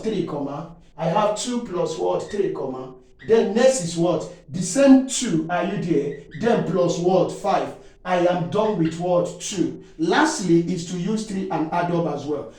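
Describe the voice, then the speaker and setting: A male maths teacher with a fairly high voice, walking through an exam problem. He leaves sentences hanging on "what?" and keeps checking in with his students. He is recorded from some way off the mic in a very echoey room. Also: mellow, recorded from a distance. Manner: leaves questions hanging with "what?" for the class to answer, checks in repeatedly. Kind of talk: exam-prep lesson explanation.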